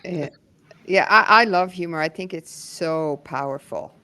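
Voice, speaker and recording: A woman's voice: on the low side, unhurried, sharp tone. A woman on a webinar panel speaking enthusiastically and casually, often saying "like". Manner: enthusiastic, uses "like" a lot.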